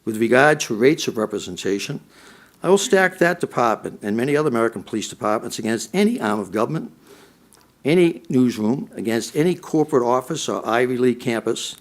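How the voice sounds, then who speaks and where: A man's voice: medium pitch, animated, a little fast. A middle-aged man, a former police chief, giving a prepared speech at a policy forum and repeating his points for emphasis.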